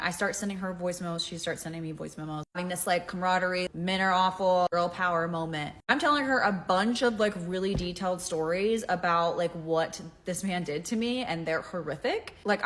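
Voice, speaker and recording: A woman's voice: lowish voice, a bit bright. A young woman telling her own story in a casual, exasperated vent, filling her talk with "like". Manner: exasperated, heavy use of "like".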